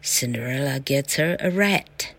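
A woman teacher reading a storybook aloud slowly and carefully in a bilingual lesson. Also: very deep voice, animated, gravelly, husky. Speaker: English teacher.

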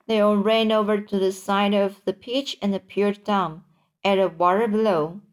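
A woman reads a children's book aloud at a very slow pace. She halts often and restarts words as she goes. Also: mid-range voice. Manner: halting, with frequent restarts. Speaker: narrator.

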